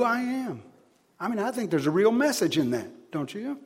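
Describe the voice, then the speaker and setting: A man preaching a sermon, swinging between loud, emphatic declarations and quiet asides. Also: high-pitched, animated, moderate pace, breathy edge.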